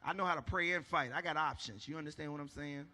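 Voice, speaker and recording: A man telling a stand-up story on a church stage, animated, acting out shouts and asking the crowd if they follow. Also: on the high side, fast, in a large hall. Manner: animated, acts out shouts, asks the crowd for agreement. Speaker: stand-up comedian.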